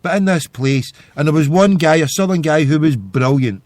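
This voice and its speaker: A man's voice: a little high, moderate pace, darkish tone, dry recording. A man, hosting a podcast and telling stories in a loose, rambling monologue. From Scotland. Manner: rambling storytelling. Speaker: podcast host. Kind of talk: casual monologue.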